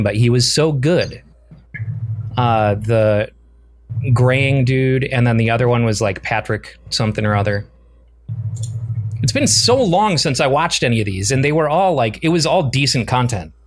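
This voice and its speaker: A man's voice: mid-range voice, animated, unhurried, long pauses, slight background noise. A man co-hosting a casual gaming chat, thinking aloud with plenty of fillers and restarts. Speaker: podcast co-host.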